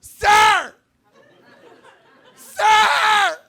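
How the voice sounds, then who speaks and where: A man voicing a young store customer who scolds in a high, shrieking voice. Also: steady tone, extremely slow, vocal fry, pushed and bright, raised voice, a faint crowd, exaggerated voice. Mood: scolding.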